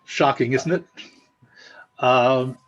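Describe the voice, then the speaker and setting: A man giving a measured, explanatory analysis with dry, sarcastic asides over a video call. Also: mid-range voice, lo-fi sound. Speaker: guest analyst. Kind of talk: spoken analysis at an online meeting.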